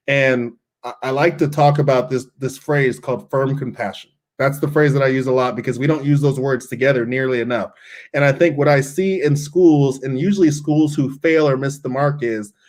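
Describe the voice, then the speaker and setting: A man's voice: medium pitch, a little mellow. A middle-aged man, a school principal, speaking earnestly in a podcast interview and often repeating words as he starts a thought.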